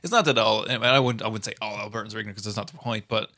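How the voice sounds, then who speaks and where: Bright-voiced Newfoundland man, casual chat. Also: on the low side, fairly even intonation, very fast, no room sound, studio quality. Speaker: podcast guest.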